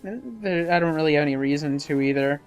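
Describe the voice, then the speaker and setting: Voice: medium pitch, lively intonation, fast, lo-fi sound, soft background music. A YouTuber giving casual, rambling commentary over a game playthrough, talking to himself about where to go. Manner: rambling, self-talking, hesitant fillers. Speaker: let's-play commentator.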